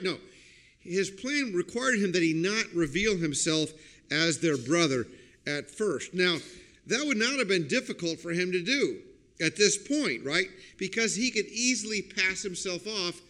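A man preaching a sermon as a pastor, explaining a passage and checking in with listeners with "okay?" and "right?", and breaking into loud acted-out quotes. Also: a little high. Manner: acts out quoted lines with sudden loud outbursts.

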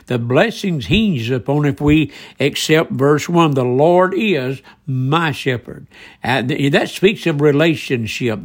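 A man preaching a sermon, earnestly asking his listeners direct questions and often restarting his sentences. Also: a little high.

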